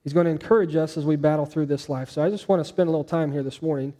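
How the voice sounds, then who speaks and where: A man preaching a Sunday sermon with a slightly higher voice. He gets animated, climbing up for quoted lines, then sinks low and quiet to drive a point home. His delivery is conversational and earnest, and he often asks the congregation questions. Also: very fast. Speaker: pastor.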